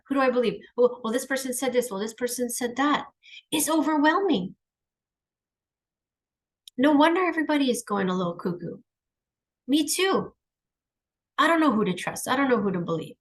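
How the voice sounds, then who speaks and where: Her voice a little high and fairly bright, a middle-aged channel host reflects on her personal struggles in an emphatic, earnest, heartfelt monologue.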